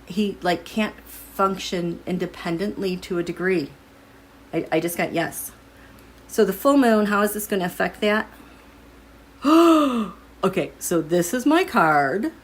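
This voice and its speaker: Her voice sits on the low side and moves at normal speed, with slight background noise around it. She's giving a casual tarot and astrology reading, thinking aloud as she draws cards for her viewers.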